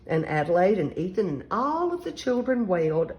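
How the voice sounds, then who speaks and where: Lively woman reading a picture book. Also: fairly low pitch, normal speed, rough recording. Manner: animated, acting out shrieks and shouts of the characters. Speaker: storyteller.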